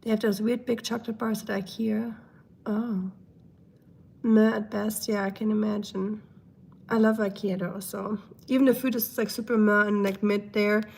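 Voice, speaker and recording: This young streamer hosts a casual chat and reads viewers' comments aloud, goofing around and laughing often. Mucus clogs her throat, making her clear it again and again. She speaks at a moderate pace in a flat, medium-pitched, darkish voice.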